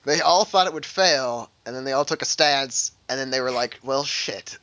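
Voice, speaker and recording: A young man co-hosting a podcast in casual chat, animated and joking, often laughing. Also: mid-range voice, moderate pace, clear, resonant tone, no echo. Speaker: podcast co-host.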